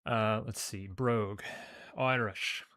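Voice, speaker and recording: Reading a game's story text out loud, this man has a lowish, steady, fairly bright voice and takes it slowly. His delivery is casual, loosely emphasized, and sprinkled with offhand remarks as he plays.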